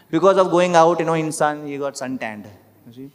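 A man's voice: a little high, brisk, long reverb tail. A man with an Indian English accent giving a scripture class sermon, emphatic and often putting questions to the audience. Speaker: preacher. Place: temple hall.

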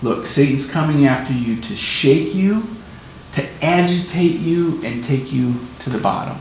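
Slow, emphatic preacher in echoey room. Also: male voice, expressive, a little mellow. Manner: emphatic, explains and repeats key points. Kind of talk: sermon teaching on scripture. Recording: very echoey room, faint rumble.

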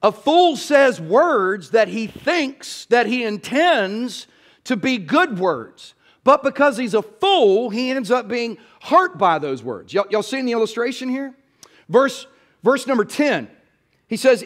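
A man's voice: very high-pitched, very animated, unhurried, fairly bright tone. A male pastor, preaching a sermon in a church in a folksy, storytelling way and asking the crowd "y'all".

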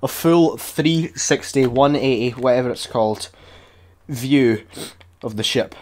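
A young man giving sweary, excitable and sarcastic commentary while building in a video game. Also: medium pitch, measured pace. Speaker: gaming YouTuber. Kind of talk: casual gameplay commentary.

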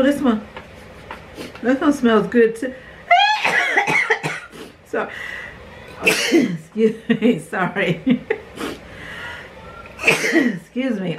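Animated woman, chatty unboxing vlog. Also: fairly low pitch, a little hiss or hum, low-quality recording. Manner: animated, exclaiming, quick asides. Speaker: beauty vlogger.

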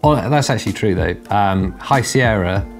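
A man's voice: lowish voice, lively intonation, normal speed, faint music behind. A man hosting a casual tech video, rambling and self-deprecating as he explains his computer upgrade. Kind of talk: casual bantering tech chat.

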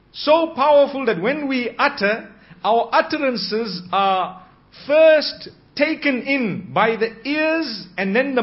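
A man with a fairly high voice delivers a sermon, measured and deliberate, drawing out key phrases. The recording is a little dull and lo-fi. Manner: measured, slows for emphasis, acts out quoted spouses softly. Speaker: Islamic preacher.

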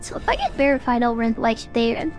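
Young female streamer, high-pitched, loose rambling chatter over quiet game music. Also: huge pitch swings, a little fast. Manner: rambling, many fillers. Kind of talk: casual gaming stream chat.

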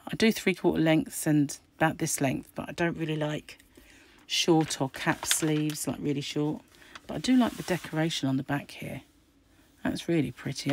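Croaky middle-aged craft host, deep gravelly voice, chatty and musing. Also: female voice, a little mellow, slight background noise. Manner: chatty, musing aloud while flicking through pages. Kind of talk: casual magazine unboxing chat.

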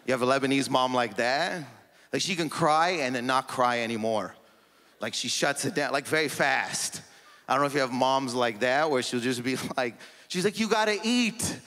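A man's voice: mid-range voice, moderate pace, fairly bright tone. A man doing stand-up comedy on stage, rambling with lots of "like" into a handheld mic. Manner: rambling, heavy use of "like". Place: comedy stage before an audience. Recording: long reverb from a comedy hall.

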